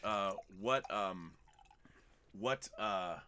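A man's voice: lowish voice, very slow, pushed and bright. A man hosting a casual movie chat, enthusiastic and digressive, talking in long run-on thoughts. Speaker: podcast host.

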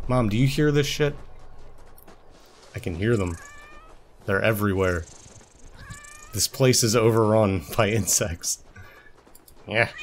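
A man's voice: on the low side, a little hiss or hum. Joking, casually swearing young gamer man. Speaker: let's play host. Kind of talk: casual gameplay commentary.

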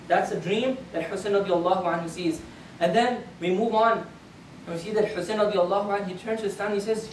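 A man's voice: sits high, fast. A man giving a Friday sermon, earnestly retelling a historical account and often restarting his sentences. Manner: earnest storytelling with frequent restarts. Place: prayer hall of a community center. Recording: roomy hall, speaker far from the mic, faint background noise.

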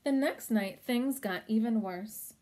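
A woman reads a children's picture book aloud at home in a gentle storytelling voice. She pauses now and then to point out the pictures and ask young listeners what they think will happen. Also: fairly high pitch. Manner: gentle, stops to chat about the pictures.

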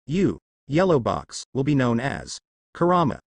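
Brash bragging young ninja guy, man doing the voice, bouncy pitch. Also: sing-song, unhurried, creaky, no echo, heavily acted. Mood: boastful. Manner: boisterous, bragging.

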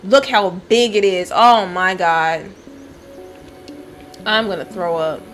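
A woman's voice: medium pitch, slow, a bit bright, soft background music. A woman streaming gameplay, talking casually, swearing and yelping when startled. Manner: jumpy, swears and yelps in fright. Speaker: gaming streamer.

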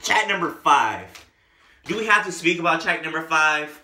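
A man reviewing music for laughs, his fairly high voice riding loose and animated through the jokes. The tone is very bright and sharp, almost piercing. It all bounces around an echoey room. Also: normal speed, a little hiss or hum. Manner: joking, exaggerated, animated riffing. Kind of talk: comedic album review.

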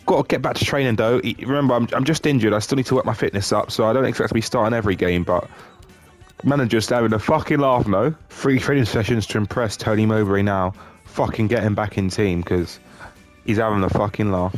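Brief: male gamer, mid-pitched, cursing and yelling at a football game, quiet music under him. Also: a little fast. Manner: sweary, swings from glum mutters to shouting. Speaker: gaming YouTuber. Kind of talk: live game commentary.

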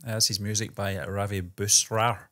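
A man's voice: mid-range voice, fairly quick, fairly bright tone. A man from the United Kingdom co-hosting a video reaction chat, easygoing and chuckly, getting over a chest cough. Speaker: co-host of a reaction channel.

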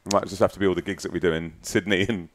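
A man's voice: sits low, steady tone, rapid-fire, a little hiss or hum. A man talking as a guest on a casual podcast recorded in a front room, telling long anecdotes in a chatty way. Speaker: guest musician.

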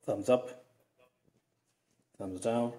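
A man's voice: mid-range voice, steady tone, very slow, dark tone, a little hiss or hum. A man reviewing a product, walking through its features step by step in a casual, chatty way.

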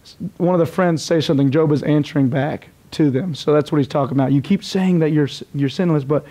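A pastor preaching a sermon, reading scripture aloud and breaking off into casual, joking asides. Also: male voice, a little high, quick pace, dark tone.

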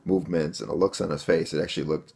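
Gravelly low-voiced man telling a story. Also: fairly even intonation, fast, darkish tone. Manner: rambling, many fillers, addresses viewers as guys. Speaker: vlogger telling a home defense story. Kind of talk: casual storytelling to camera.

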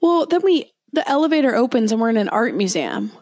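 A woman's voice: a little high, sing-song, fairly quick, darkish tone, no room sound, clean studio sound. A young woman co-hosting a podcast, telling a story in casual chat and often correcting herself mid-sentence. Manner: chatty storyteller, many self-corrections and restarts. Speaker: podcast co-host.

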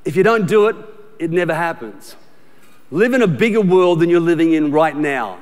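A middle-aged Australian man preaches in a fairly high voice, emphatic and repetitive, restarting sentences as he talks to the congregation. His voice carries a long reverb through a large church auditorium. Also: expressive, moderate pace. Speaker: pastor. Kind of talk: sermon.

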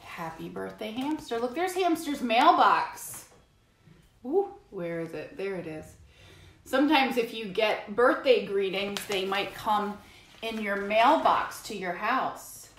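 A woman hosting a children's music show, reading a picture book aloud and talking to the kids in an animated, sing-song way. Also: medium pitch, takes it slowly. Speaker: children's music teacher and host. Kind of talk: storytime read-aloud for kids. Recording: echoey room, faint hiss.

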